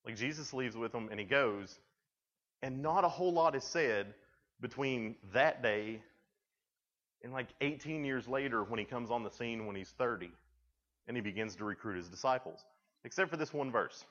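A man's voice: mid-range voice, normal speed, fairly bright tone. A young man giving a casual youth sermon, chatty and loose, full of fillers, acting out the people he quotes. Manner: chatty, full of "like" and "you know", acts out quotes. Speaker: youth pastor. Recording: dull lo-fi podcast recording.

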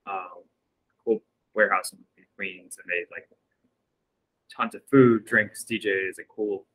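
Bright low-voiced man, upbeat chat. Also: fairly even intonation, measured pace, low-quality recording. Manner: upbeat, rambling with fillers and laughs. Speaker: podcast co-host. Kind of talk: casual chat. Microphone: video call.

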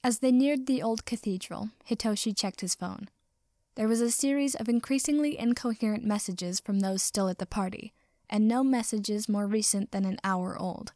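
A woman narrating a story in a measured, even reading. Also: medium pitch, dry recording, clean studio sound.

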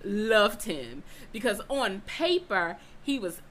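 A woman's voice: mid-range voice, very animated, takes it slowly, a bit bright, a little hiss or hum, poor audio. A woman telling a personal story in casual chat, acting out both sides of the dialogue.

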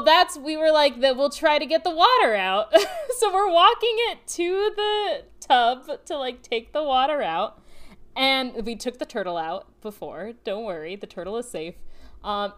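A woman in her twenties telling an animated, flustered story in a casual chat. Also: high voice, clean tone. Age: 20s. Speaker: podcast co-host.

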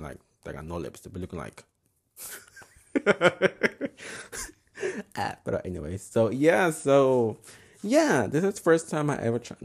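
Man, low voice, very animated pitch, frank crude casual storytelling, braces on his teeth. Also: husky. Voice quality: braces whistle in his speech. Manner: frank, crude, switches between English and Spanish. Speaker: podcast host.

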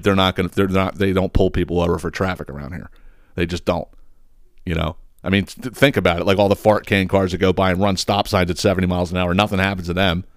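A man tells a story in a loose, profane, animated way, often acting out the lines people said to him. His voice sits a little low. The sound is dry and close, with almost no room echo. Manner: profane, animated storyteller who acts out quotes. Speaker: podcast host. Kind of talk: casual storytelling.

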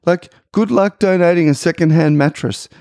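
Middle-aged Australian man, podcast co-host. Opinionated ranter, gravelly tone, dry close sound. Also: fairly high pitch, normal speed, a little mellow, no room sound. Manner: ranting, opinionated. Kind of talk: casual chat.

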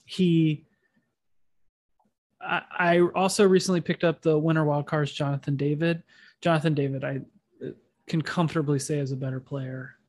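A man's voice: on the high side, fairly even intonation, moderate pace, long pauses, a little mellow. A man hosting a casual podcast chat, with a nasal voice and a rambling, self-deprecating way of talking. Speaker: podcast host.

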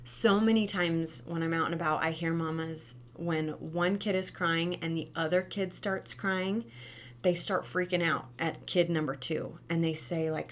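A woman who used to teach preschool, giving casual parenting advice in a lively, conversational way and often asking "right?". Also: a little slow, a little hiss or hum. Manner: animated, acts out quoted kids and parents with big pitch jumps.

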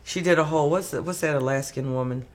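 A man's voice: fairly high pitch, fast, a little hiss or hum. Brash teasing man with a Chicago accent. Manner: brash, teasing, mock-dismissive. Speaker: podcast host. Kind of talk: casual banter.

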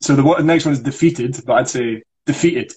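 A man coaching pronunciation, repeating single words slowly to model how they sound. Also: medium pitch, a little mellow, breathy edge, no room sound, low-quality recording. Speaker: pronunciation teacher.

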